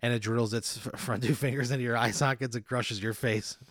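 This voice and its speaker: In casual improvised storytelling on his podcast, a host narrates a hypothetical scenario to his guest, laid-back and chuckling as he sets each scene. His medium-pitched voice is steady, fairly quick and a bit bright, with clean, echo-free studio sound.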